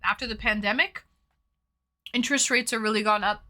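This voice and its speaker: A woman's voice: mid-range voice, steady tone, brisk, sharp tone. A woman streamer chatting casually with viewers, reading their messages aloud and swearing freely. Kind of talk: casual chat.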